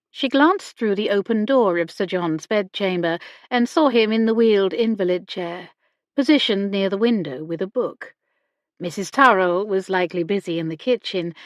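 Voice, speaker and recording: Slow, measured woman narrator. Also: mid-range voice, no room sound, highs cut off. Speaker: audiobook narrator. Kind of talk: scripted narration.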